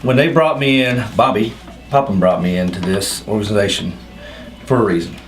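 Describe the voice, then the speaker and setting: A man's voice: lowish voice, normal speed, faint music behind. A man playing a league commissioner on a wrestling recap, speaking in a hesitant, self-conscious way. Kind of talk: wrestling show segment.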